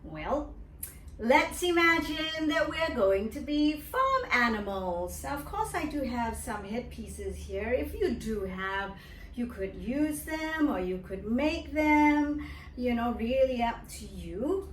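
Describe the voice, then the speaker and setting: A woman teaching a children's drama lesson in an animated, sing-song way, making animal noises for the kids to copy. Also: on the high side, takes it slowly, a little hiss or hum. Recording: echoey room, mic at a distance.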